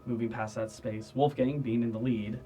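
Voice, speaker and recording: A man's voice: medium pitch, steady tone, normal speed, dark tone, soft background music. A man running a tabletop game as game master, narrating scenes and often laughing at the table. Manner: laughs often, apologetic asides.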